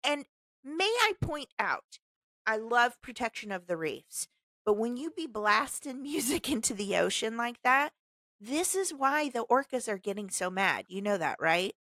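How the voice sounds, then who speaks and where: Chatty woman cohost, bright lively voice, keeps laughing thru the article, dry close mic. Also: on the high side, measured pace, no room sound. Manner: laughs often while reading, sarcastic asides. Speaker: podcast co-host. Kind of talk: casual chat reading news aloud.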